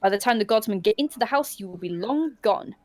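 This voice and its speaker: A woman hosting a livestream, reading a choose-your-own-adventure book aloud in an animated way and often laughing. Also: a little high, fast talker. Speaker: storyteller and host.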